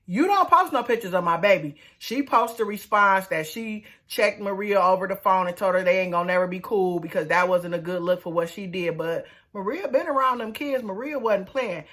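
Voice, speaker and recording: A young woman talks through a reality TV episode in a loose, slangy way. She is sassy and animated, acting out the people she quotes in loud, high voices. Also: normal speed, hardly any pauses. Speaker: reality TV recap host. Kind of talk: casual recap commentary.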